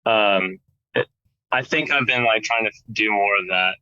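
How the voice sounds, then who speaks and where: A guest guitarist, an American man in his thirties, chats casually in an interview, rambling with lots of "like" and restarts. His lowish voice is bright and forceful at a measured pace, on a dry, lo-fi recording.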